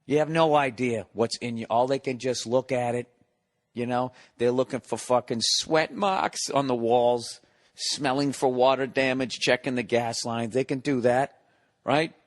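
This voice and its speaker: A comedian hosting a podcast, telling a long profane story in a casual monologue, exasperated and sarcastic. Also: male voice, medium pitch, fairly even intonation, measured pace.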